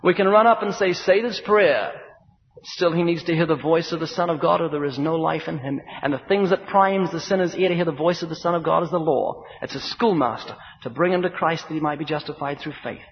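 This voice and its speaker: A man's voice: fairly high pitch, fairly quick. Emphatic male preacher in a reverberant hall. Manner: emphatic, rhythmic repetition, acts out dialogue. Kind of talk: sermon. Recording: dull recording with long hall reverb.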